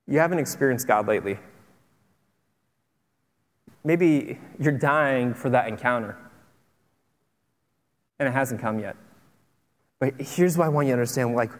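A man preaching a sermon as a pastor, telling stories in an animated, conversational and earnest way. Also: medium pitch. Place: church sanctuary. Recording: long hall reverb with faint music.

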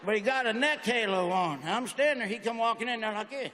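High bright southern man doing stand-up. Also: fast, slight background noise. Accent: Southern American. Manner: drawling storyteller, acts out characters. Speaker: stand-up comedian. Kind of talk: stand-up routine. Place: large auditorium on stage. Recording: live hall reverb, faint ambience.

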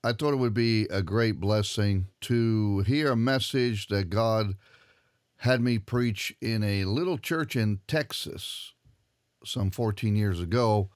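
A man hosting a religious radio broadcast, introducing a recorded sermon in a relaxed, folksy way. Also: lowish voice, takes it slowly, no room sound, studio quality. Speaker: radio host.

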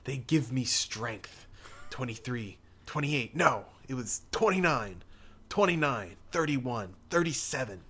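A composed, scheming priest mutters to himself in a low, whispery hush, as a man reads him out from a comic. The voice is bright and sharp and swoops widely in pitch. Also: animated, measured pace, husky, exaggerated voice. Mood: muttering. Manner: muttering under his breath, mostly hushed and whispery. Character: composed, scheming middle-aged male priest. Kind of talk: reading comic dialogue aloud.

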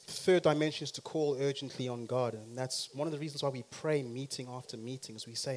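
A man preaching a sermon who talks straight to the congregation and swings from quiet to loud and emphatic. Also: mid-range voice, fairly quick, few pauses.

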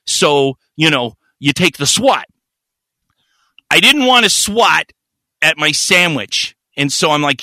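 A man co-hosting a podcast, telling a profane, animated story in casual chat. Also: on the high side, takes it slowly, no room sound. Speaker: podcast co-host.

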